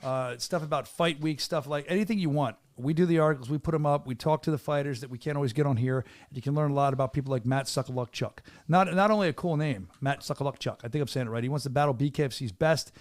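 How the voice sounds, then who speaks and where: A man hosting a casual podcast from a small studio, talking with an excitable hype-man energy. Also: medium pitch, fast talker, few pauses, no echo. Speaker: podcast host and venue announcer.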